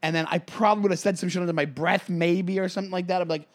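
A man co-hosting a casual comedy podcast, animated and filler-heavy, acting out little scenes as he talks. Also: sits high, racing. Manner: animated, acts out scenes with voices, many fillers. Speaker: podcast co-host.

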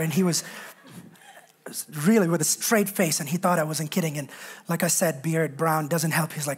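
A man preaching a sermon as a pastor, moving from raised, fervent passages to quiet, joking storytelling. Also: steady tone, fairly quick, husky. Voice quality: swings from loud preaching to low, quiet asides. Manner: humorous storytelling with self-deprecating jokes.

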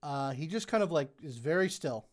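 A game master narrating a tabletop role-playing game with a halting delivery full of fillers. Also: medium pitch, animated.

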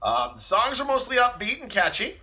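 A man co-hosting a casual music podcast, retelling comedy bits with animated impressions. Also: high-pitched, fairly quick. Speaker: podcast co-host. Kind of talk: casual chat.

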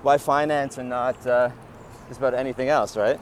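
A man's voice: mid-range voice, steady tone, moderate pace. A Canadian man hosting a walking interview on a city street, rambling with many fillers and slightly out of breath. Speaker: podcast host. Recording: faint traffic noise outdoors.

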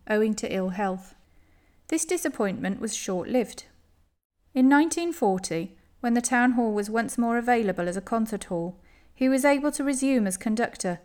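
A woman reading a first-person memoir aloud in a measured, careful way. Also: mid-range voice, a little mellow.

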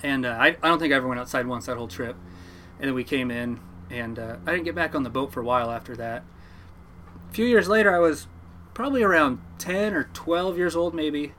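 A man's voice: mid-range voice, brisk, fairly bright tone, slight background noise. A man, a fisherman, telling a rambling story in a casual interview, with frequent restarts and fillers.

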